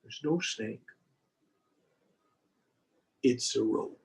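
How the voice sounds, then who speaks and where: A man teaching scripture over a video call, telling a parable slowly and deliberately and posing rhetorical questions. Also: medium pitch, creaky, darkish tone, rough recording. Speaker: spiritual teacher. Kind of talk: scripture lesson with storytelling. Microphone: video call recording.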